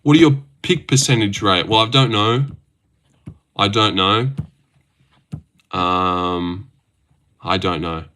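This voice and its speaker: A man's voice: fairly low pitch, slow pace, pauses often, fairly bright tone. A young man livestreaming, casually reading viewer messages aloud and teasing his chat. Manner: reads viewer messages aloud and teases chatters.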